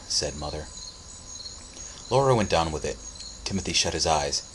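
A man narrating a story as an audiobook reading, with steady, dramatic storytelling. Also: a bass voice, normal speed, pauses often, a little hiss or hum, low-quality recording.

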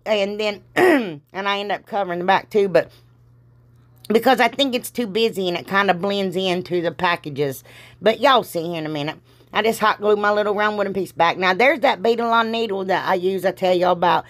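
Woman, middle-aged, Southern accent, chatty crafting vlog, rambling, folksy, slightly congested. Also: mid-range voice. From Ohio, US. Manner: chatty, rambling, folksy exclamations, self-deprecating jokes. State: congested from allergies. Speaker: crafting vlogger. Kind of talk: casual crafting tutorial chat.

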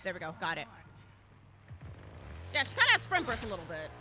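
A woman streaming a live game, talking fast and often in bursts, shouting and repeating herself as the game goes on. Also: medium pitch, heavy background noise. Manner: animated, exclaiming and shouting at the game; talks to chat and teammates, repeats phrases. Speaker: gaming streamer. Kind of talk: live gameplay commentary.

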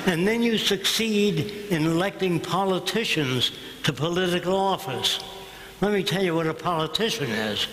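A man's voice: high-pitched, expressive, unhurried, a bit bright. An older man giving a public lecture in a blunt, combative and sarcastic way. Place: lecture hall. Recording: echoey hall, room noise.

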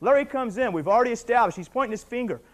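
A man's voice: extremely high pitch, lively intonation, racing. An older man teaching a martial arts technique, talking intensely and emphatically and barking short counts as moves are shown. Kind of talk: instructional commentary over technique footage.

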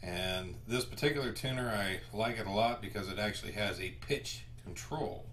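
A man hosting a home guitar tutorial, short of breath and speaking in slow, halting phrases with pauses. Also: lowish voice, fairly bright tone, slight background noise.

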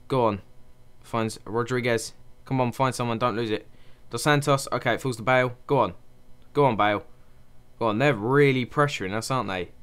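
A young man talks through a football management game, cheering his players on and reacting to every chance. His voice sits on the low side and comes across smooth and clear. It sounds close to a desk microphone. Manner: excitable, cheering on his team. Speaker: gaming channel host. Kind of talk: live game commentary.

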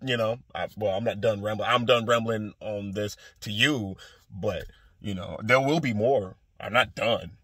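A man's voice: fairly low pitch, moderate pace, fairly bright tone, husky, no room sound. A young man ranting to camera in a profane, rambling, exasperated way. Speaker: soldier venting. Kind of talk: casual rant to camera.

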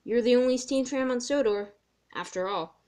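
A woman's voice: fairly high pitch, normal speed, darkish tone, natural voice. A woman voicing a male diesel engine who slyly eggs another engine on.

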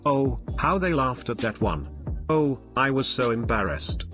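A man's voice: medium pitch, sing-song, unhurried, fairly bright tone, faint music behind. A man voicing a flustered, chatty middle-aged mother with a Southern US accent.

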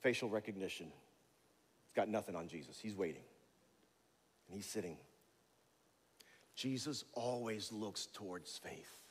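A male pastor giving a sermon in a church, conversational and animated, with jokey storytelling. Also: lowish voice, a little slow, pauses often, husky, long reverb tail. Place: church sanctuary.

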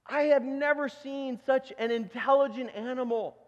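A man's voice: very high-pitched, moderate pace, voice pushed up. A man voicing an amazed, talkative male butcher in a sermon story, firing off eager questions. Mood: astonished. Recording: dull recording with long church reverb.

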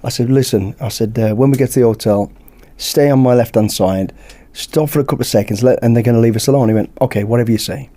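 A British man, a podcast guest, telling a lively anecdote in casual chat and acting out the dialogue. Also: mid-range voice, fast, few pauses. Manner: lively anecdote-teller who acts out dialogue. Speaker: podcast guest, former bodyguard.

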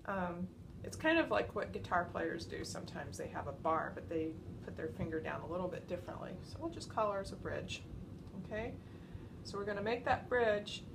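A woman's voice: fairly low pitch, lively intonation, vocal fry, background noise. Patient woman teaching violin. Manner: patient, encouraging, explains slowly. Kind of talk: step-by-step instrument lesson. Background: violin playing.

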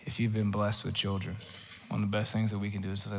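A man preaching a sermon in a church, telling scripture stories in an animated way and acting out the voices. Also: fairly low pitch, quick pace, big-room sound. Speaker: guest preacher. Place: church auditorium.

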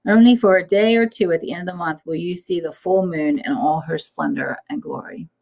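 A woman's voice: fairly low pitch, a little fast, vocal fry, darkish tone, poor audio. A woman voicing the south wind, patiently explaining to the mountain.

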